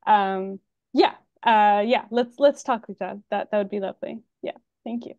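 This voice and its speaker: A woman organizing a translation project, answering eagerly and quickly in an online meeting. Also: medium pitch, a little mellow, no echo, lo-fi sound. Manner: eager, quick, many yeahs. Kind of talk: casual online meeting talk.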